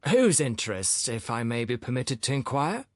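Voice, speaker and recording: An irritable older professor, sarcastic and exasperated, his voice jumping high with indignation and swinging widely, as a male audiobook reader puts him on. Dry and close, an audiobook character voice. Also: big pitch swings, normal speed, no room sound, natural voice.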